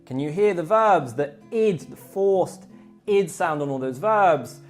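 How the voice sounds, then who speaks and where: An English teacher giving a pronunciation lesson, slowing down to demonstrate each word ending clearly. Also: medium pitch, expressive, soft background music.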